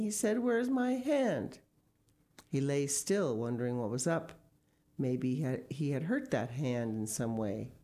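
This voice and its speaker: A woman's voice: lowish voice, mellow. A woman reading a children's story aloud expressively, with casual asides. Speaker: story reader.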